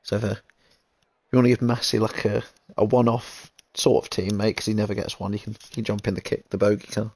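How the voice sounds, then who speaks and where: A man's voice: on the low side, flat delivery, fast talker, darkish tone, no echo. A man giving easygoing, rambling commentary on an online racing league, reading out chat messages as he goes. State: recovering from a kidney infection. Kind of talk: casual race commentary.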